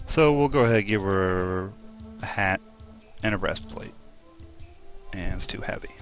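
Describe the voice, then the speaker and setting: A young man with a deep voice talks a bit slowly about his role-playing video game session as a let's play host, recording on a desk mic at home with faint music behind. He rambles and jokes, laughing at himself.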